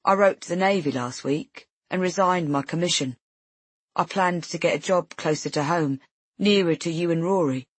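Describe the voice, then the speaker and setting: A woman's voice: on the low side, normal speed, slightly rough, dry recording. Woman reading a regretful young navy man. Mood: tender. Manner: soft, hesitant, voice breaking. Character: young male naval officer, regretful and tender.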